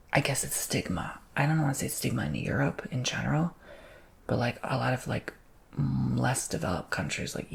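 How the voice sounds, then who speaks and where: A man hosting an ASMR channel, talking in a soft, rambling, emotional way that slips into whispers, often asking "you know what I'm saying?". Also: medium pitch, gravelly. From Macedonian-American family. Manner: drifts between soft talk and whispers. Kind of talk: soft-spoken ASMR chat.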